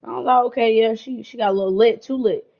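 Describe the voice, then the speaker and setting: A woman's voice: fairly high pitch, quick pace, vocal fry. Young woman cussing her way through a crazy story on a podcast, kinda muffled lo-fi audio. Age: young adult. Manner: animated, slangy, heavy swearing, lots of "like" and "bro". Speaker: podcast co-host. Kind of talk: casual storytelling chat.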